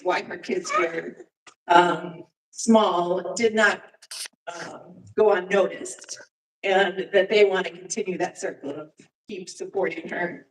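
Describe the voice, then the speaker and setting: A woman presents slides at a church service, her mid-pitched voice heard from some distance. She speaks informally and haltingly, with frequent fillers, and the big room around her gives the sound a reverberant echo. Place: church sanctuary.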